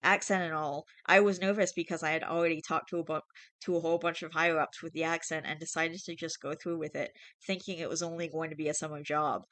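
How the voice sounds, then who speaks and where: A host reads online confessions aloud and drops in irreverent, freely sworn asides. The voice sits at a middle pitch. The sound is dry and close, with no room around it. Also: flat delivery, quick pace, fairly bright tone, dry recording. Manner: chatty and irreverent, swears freely, laughs often. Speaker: channel host reading posts aloud. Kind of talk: casual reading of online confessions with commentary.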